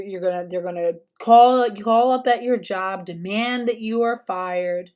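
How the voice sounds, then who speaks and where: A woman host giving impassioned, fast-talking commentary over video clips. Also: mid-range voice.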